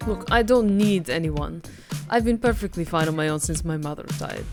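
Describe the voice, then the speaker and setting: A woman voicing a cold, blunt huntress in a put-on Russian accent, flat and deadpan. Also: fairly low pitch, normal speed, over music, pitched below the performer's own voice.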